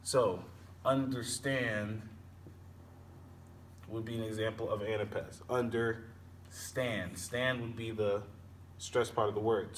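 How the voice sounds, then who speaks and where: Man explaining poetry from a distance. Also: on the low side. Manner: explains slowly, repeating and sounding out words. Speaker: teacher. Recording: distant mic with faint background noise.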